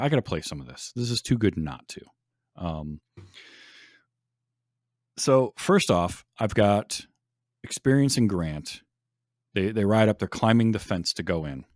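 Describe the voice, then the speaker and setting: A man's voice: low voice, no echo, clean studio sound. A man hosting a podcast in casual chat, enthusiastic, laughing often and restarting his sentences. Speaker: podcast host.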